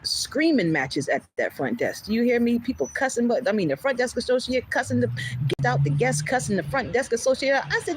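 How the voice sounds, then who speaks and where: A woman's voice: fairly high pitch, brisk, a little hiss or hum, poor audio. A woman hosting a livestream, casually telling a story. She acts out the back-and-forth dialogue and laughs often as she talks. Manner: animated, retells events with quoted back-and-forth dialogue; laughs often while talking.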